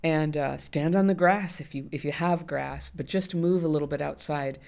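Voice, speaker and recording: A woman's voice: low voice, moderate pace, creaky, darkish tone. A middle-aged woman, a guest in an interview, talking candidly and animatedly, often laughing. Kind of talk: conversational interview.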